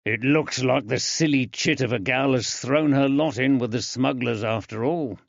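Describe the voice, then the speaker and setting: A man narrating an audiobook, voicing a plain-spoken, sarcastic constable in a dry, unhurried voice. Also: medium pitch, gravelly, no room sound, voice pushed up. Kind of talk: audiobook character voice. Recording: dry, slightly dull.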